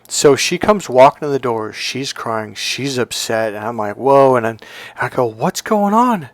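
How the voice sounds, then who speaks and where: A man's voice: normal speed, no room sound. Man coach telling a story animatedly. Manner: animated, acts out quoted dialogue with high lifts in pitch. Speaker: dating and relationship coach, hypnotherapist. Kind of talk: motivational storytelling.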